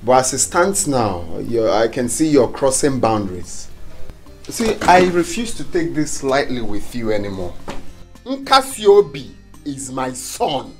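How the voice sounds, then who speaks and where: An indignant young Nigerian father in a film drama, with a lively voice that swings up and down. He talks emphatically and repeats himself. Faint music runs under the scene. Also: mid-range voice, unhurried, echoey room. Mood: firm. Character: young father fighting in-laws for his son.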